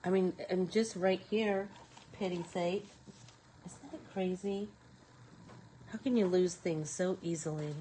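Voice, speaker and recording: A woman's voice: on the low side, steady tone, a little slow, long pauses, dark tone, slight background noise, poor audio. A woman hosting a live painting tutorial, talking casually to viewers and to herself as she works. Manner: talks to herself while working, rambling. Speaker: craft show host.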